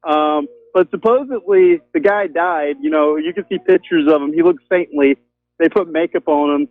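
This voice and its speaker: A man's voice: on the high side, moderate pace, dry recording. A man calling in to a talk show, rambling with lots of ums and you-knows. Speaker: caller. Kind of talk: casual call-in chat. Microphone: telephone. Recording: tinny phone line.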